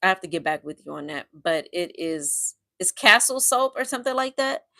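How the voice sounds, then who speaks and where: A woman's voice: lowish voice, animated, moderate pace, gravelly, pushed and bright. A woman from the Midwest of the United States hosting a casual livestream, talking earnestly and emotionally while reading out viewer comments. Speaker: livestream host.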